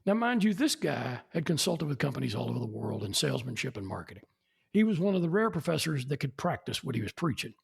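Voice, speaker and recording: A man in his 70s talks at a quick pace in a medium-pitched voice with vocal fry and some roughness. As a podcast guest he tells animated anecdotes, playing out the people he quotes.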